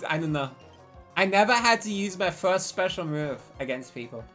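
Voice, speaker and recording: A woman's voice: on the low side, animated, moderate pace, a bit bright, soft background music. A woman in her twenties telling a rambling, profane story on a live stream and drifting into tangents.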